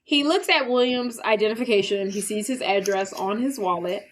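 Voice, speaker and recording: A woman podcast host casually recapping a film plot in a chatty, animated way, with filler words. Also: medium pitch, normal speed, slight background noise, rough recording.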